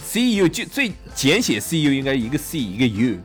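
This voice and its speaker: A man co-hosting a casual bilingual chat show, playful and quick to mimic phrases. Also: mid-range voice, big pitch swings, a bit bright, soft background music. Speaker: podcast co-host.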